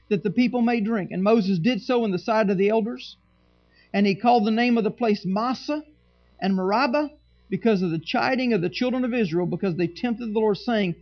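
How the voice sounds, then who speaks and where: A male pastor preaching in a church, his voice strikingly high with a gravelly edge. He mixes scripture reading with dry, sarcastic asides to his congregation, and the recording sounds dull and lo-fi. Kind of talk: sermon.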